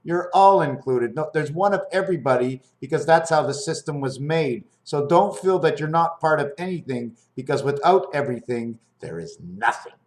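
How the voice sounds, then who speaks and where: Man, rambling free-association monologue, slightly high voice, wandering and musing, asks questions. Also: moderate pace, few pauses, a little mellow. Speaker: video maker explaining his designs. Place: at home near his fridge, indoors.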